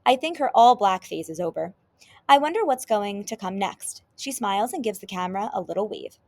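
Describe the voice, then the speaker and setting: A female teacher reads a children's chapter book aloud, bringing the story to life with expressive delivery. Her voice sits in the mid-range and moves at a brisk clip.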